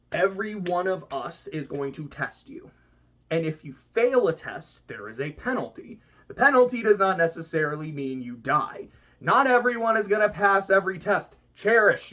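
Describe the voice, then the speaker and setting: A vlogger voicing a smooth, calm adult male gang leader who sounds reasonable and quietly menacing. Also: mid-range voice, close to an everyday voice.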